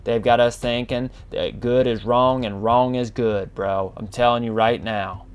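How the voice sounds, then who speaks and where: A man's voice: medium pitch, steady tone, clear, resonant tone. A man hosting a casual podcast monologue, reading definitions aloud and calling the listener man and bro. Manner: slow, drawn-out, addresses listener as man and bro. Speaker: podcast host.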